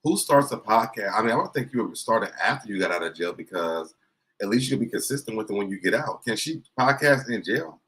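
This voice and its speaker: A man's voice: lowish voice, animated, fairly quick, fairly bright tone, poor audio. A man hosting a livestream, giving sarcastic gossip commentary and greeting chat viewers. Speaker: livestream host. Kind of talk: casual commentary reacting to clips.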